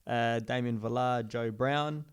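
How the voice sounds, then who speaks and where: A man's voice: medium pitch, steady tone, clean tone. An Australian man co-hosting a casual podcast, rambling and repeating himself as he recalls the fights. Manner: rambling, halting, repeats words. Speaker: podcast co-host.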